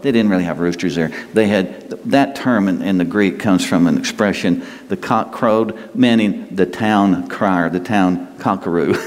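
Guy preaching to his church, chatty with questions, big echoey hall. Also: low-pitched. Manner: conversational preaching with pauses and rhetorical questions. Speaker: pastor. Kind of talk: sermon. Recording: long hall reverb.

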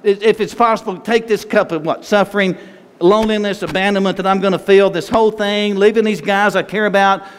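A pastor preaching a sermon in a conversational way, full of rhetorical questions. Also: male voice, high voice, steady tone, brisk, clear, resonant tone. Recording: long reverb hall, faint noise.

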